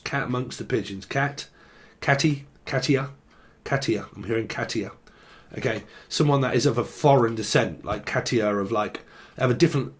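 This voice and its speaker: A man giving a loose, rambling tarot reading, joking, swearing casually and free-associating on words as he goes. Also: medium pitch. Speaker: tarot reader.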